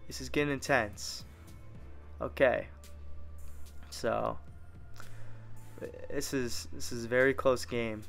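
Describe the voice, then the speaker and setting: A young man giving live commentary over his football video game, narrating each play as it happens and reacting with excitement. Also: mid-range voice, takes it slowly, creaky, pauses often, soft background music. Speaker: gaming YouTuber.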